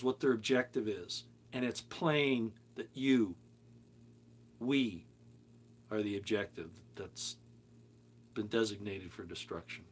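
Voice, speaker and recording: An older man speaks in a rambling, storytelling way, swinging from loud, pressing emphasis down to soft, muttered asides. He sounds like he's talking straight to his viewers. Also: mid-range voice. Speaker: video commentator. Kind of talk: casual monologue to viewers.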